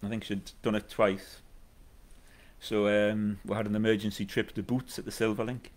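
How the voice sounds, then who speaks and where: A man's voice: lowish voice, flat delivery, moderate pace. A middle-aged man, chatting casually and wryly between songs as a musician hosting his own live stream. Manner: rambling, wry and self-mocking. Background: acoustic guitar.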